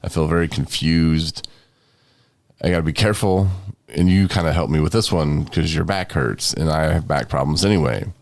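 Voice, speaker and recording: A man's voice: rumbling low, normal speed, no echo, clean studio sound. A young man with covid, hosting a casual podcast and rambling in a tired, joking way. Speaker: podcast host.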